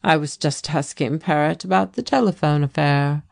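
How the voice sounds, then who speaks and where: A woman's voice: deep voice, normal speed, vocal fry, darkish tone, no room sound. A woman reading the lines of a shabby, eager man in an audiobook. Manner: eager, demanding.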